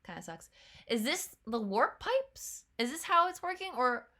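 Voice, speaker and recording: Bright-voiced chatty woman reacting. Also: high-pitched, sing-song. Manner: chatty, laughs often, slips into quick playful voices for characters. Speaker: trailer reaction host. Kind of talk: casual reaction commentary.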